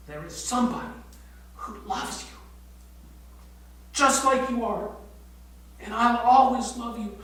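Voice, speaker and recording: An older man with a high voice preaches at a prayer retreat, telling his story tenderly and often sinking to a hushed near-whisper. He is heard from some distance in a strongly echoing room with a faint hum behind him. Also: slow, pauses often. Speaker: pastor leading a prayer retreat. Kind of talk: sermon.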